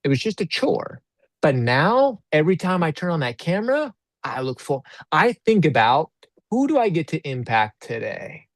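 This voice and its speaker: A man guest on an interview show, telling a coaching story in a casual, animated way. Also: on the high side, normal speed, no room sound, studio quality. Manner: animated, acts out quoted dialogue.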